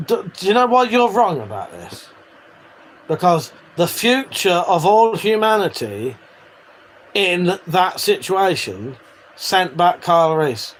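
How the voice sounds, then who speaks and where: British guy on a live stream, lively voice all over the place, sweary banter with chat. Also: high-pitched, slow pace. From United Kingdom. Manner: swears freely, animated banter and teasing.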